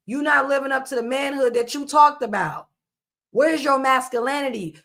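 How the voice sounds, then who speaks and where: A woman's voice: high voice, normal speed, a bit bright. A woman giving casual reaction commentary, blunt and scolding, repeating her points with emphasis.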